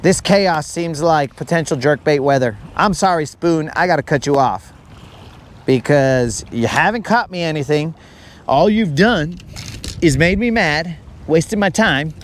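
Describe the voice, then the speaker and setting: Broadcasting live from a boat on a lake, a male fishing streamer speaks a little high with lively intonation over a faint hiss or hum. He's jokey and casual, names and ribs his viewers, and lets his asides run long.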